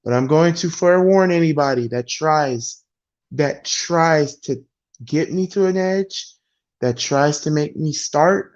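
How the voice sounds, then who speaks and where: A man's voice: fairly high pitch, slow. A man ranting bluntly and with exasperation as a sports vlogger venting about his football team. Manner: exasperated, blunt, heavy sighing. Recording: dull lo-fi sound.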